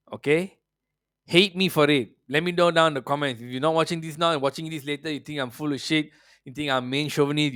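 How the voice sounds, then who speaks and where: A man's voice: fairly high pitch, a bit bright, no echo, studio quality. A man hosting a football podcast, ranting brashly and profanely in casual opinionated chat, slipping into mocking voices.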